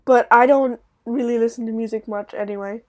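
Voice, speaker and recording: A woman's voice: on the high side, fairly even intonation, fairly quick, darkish tone, slight background noise. A young woman with a light British accent, co-hosting a podcast in loose, rambling casual chat and laughing easily. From Britain.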